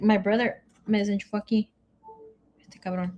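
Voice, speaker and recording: A woman's voice: mid-range voice, a little fast, slight background noise. A woman tarot reader chatting casually on a live stream. She reads viewer comments aloud and drops Spanish words into her English. She sounds emotional and grieving.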